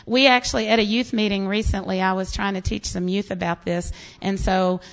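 A woman's voice: mid-range voice, brisk. An American woman pastor preaching a sermon, telling stories with quoted voices. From United States. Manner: animated storytelling with quoted voices and laughs.

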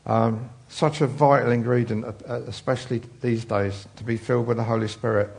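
A man's voice: medium pitch, level tone, brisk, creaky, hardly any pauses, a little mellow. A man preaching an informal sermon in a chatty, rambling way with many asides.

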